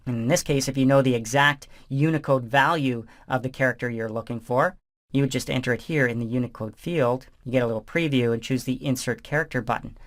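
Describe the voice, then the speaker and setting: A man narrating a software tutorial as instructor, explaining each step in a relaxed, conversational way. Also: mid-range voice.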